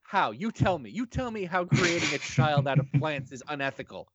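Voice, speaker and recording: A man's voice: on the high side, sing-song, normal speed, fairly bright tone, a little hiss or hum. A man putting on a needling Poison Ivy. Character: smug female plant-loving eco villain. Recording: slightly dull, dry sound.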